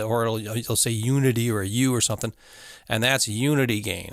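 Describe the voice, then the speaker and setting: A man at mid pitch gives a laid-back walkthrough of a mixing desk, full of fillers and little chuckles. He is recorded close on a condenser mic with a very dry, deadened sound. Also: a bit bright, no room sound. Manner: loose, conversational, full of fillers and little laughs. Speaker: audio engineering instructor. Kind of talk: casual hands-on tutorial. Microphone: studio condenser mic through a mixer.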